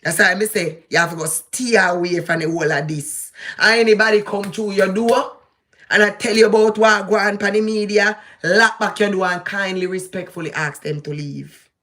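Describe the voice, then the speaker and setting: Addressing someone head-on, a woman vlogger with a Jamaican accent delivers casual commentary that's preachy and emphatic. She speaks at normal speed in a medium-pitched, slightly bright voice.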